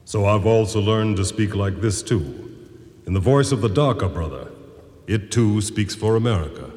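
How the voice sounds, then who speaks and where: An actor shifting into another character voice, speaking in a solemn, measured way. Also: male voice, lowish voice, lively intonation, a little mellow, close to an everyday voice. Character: earnest male voice of another American people. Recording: long reverb.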